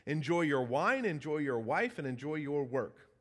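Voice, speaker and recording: A pastor preaching a sermon in a church, his voice rising emphatically and dropping to a hush. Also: a little high, normal speed. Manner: animated preaching with emphatic rises and hushed drops. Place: church sanctuary.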